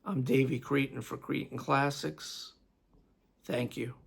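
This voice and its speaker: A man's voice: mid-range voice, fairly even intonation, slow pace, gravelly, husky. A middle-aged man from New York with a New York accent, chatting in a rambling, reminiscing way as a music vlogger paying tribute. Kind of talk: casual tribute monologue.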